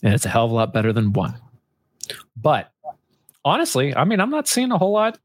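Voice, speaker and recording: Guy reacting big on a dry-mic podcast, swears a lot, pitch all over the place. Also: huge pitch swings, fairly quick, no echo. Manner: profane, exclaiming, laughing often. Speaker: co-host. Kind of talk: casual podcast chat.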